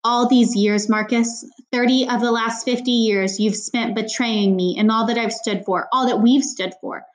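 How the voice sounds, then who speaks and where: A woman reading a storybook aloud, voicing a ruthless, furious high priestess who speaks in harsh, accusing tones. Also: steady tone, moderate pace, natural voice. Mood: bitter.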